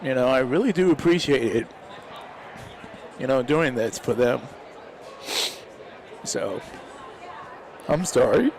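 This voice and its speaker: A man's voice: medium pitch, animated, slow pace, long pauses, darkish tone, some chatter behind. Heartfelt rambling male stream commentator. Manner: rambling, heartfelt, leans on "man". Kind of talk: casual live commentary.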